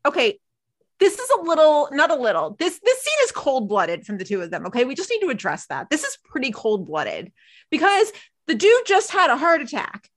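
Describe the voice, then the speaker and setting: Woman podcast co-host, casual recap, high voice that swoops around, animated. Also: normal speed. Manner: animated, laughs often, acts out characters' lines.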